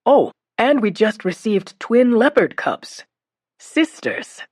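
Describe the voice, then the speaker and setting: A woman voicing an older man, a zoo director, who speaks in a measured, friendly way with pauses, in an audiobook. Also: lowish voice, no echo, studio quality, lightly acted. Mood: kindly formal. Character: older male zoo director, kindly and formal. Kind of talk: audiobook narration.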